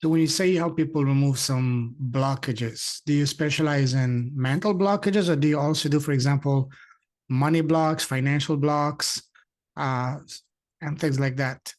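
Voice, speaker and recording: A podcast host, a man with a slightly high voice, poses measured follow-up questions to his guest in an even, plain manner. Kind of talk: interview questions.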